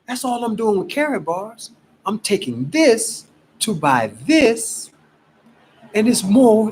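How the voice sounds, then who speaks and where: Guy from ohio ranting bout prices, husky voice, slow and swoopy. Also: high voice, slight background noise, poor audio. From Cleveland, Ohio. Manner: emphatic, exasperated, animated preaching. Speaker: gold promoter. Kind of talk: casual selling pitch to camera.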